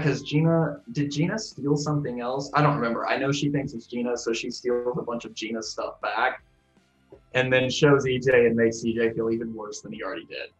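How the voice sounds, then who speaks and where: Guy in his 20s rambling through trivia answers, laughs at himself, kinda dull sound. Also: medium pitch. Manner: chatty, self-deprecating, thinks out loud. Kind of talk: casual trivia chat.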